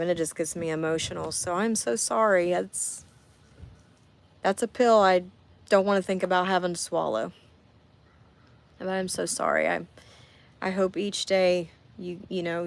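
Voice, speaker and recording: A woman in her 40s livestreams casually from a camper on a camping trip, reading viewer comments and chatting straight to her audience. Her voice is lowish, with vocal fry.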